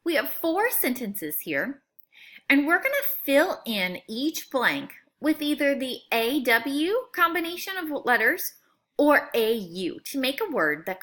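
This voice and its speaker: A woman teaching a phonics lesson to young students, sounding out words slowly and clearly in a friendly, coaxing way. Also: high-pitched, pushed and bright. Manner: slow, clear, exaggerated sound-outs.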